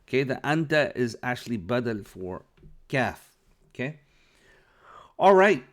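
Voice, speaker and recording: A man's voice: mid-range voice, very animated, a little slow. Patient male Arabic teacher explaining. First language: not Arabic. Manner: patient, checks understanding with frequent okays. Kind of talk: explaining a lesson.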